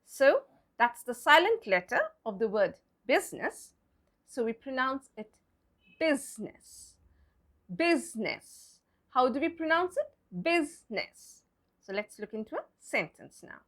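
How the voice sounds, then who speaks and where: A woman teaching English pronunciation, spelling out words letter by letter, repeating them slowly and hushing playfully over silent letters. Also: high voice, big pitch swings. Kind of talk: explaining pronunciation to viewers.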